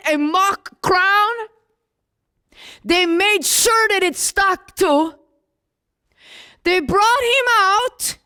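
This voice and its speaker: A woman's voice: extremely high pitch, sharp tone, exaggerated voice. A woman playing the young apostle John, a grieving and indignant man, in a dramatic first-person monologue, talking straight to the listener. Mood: incredulous.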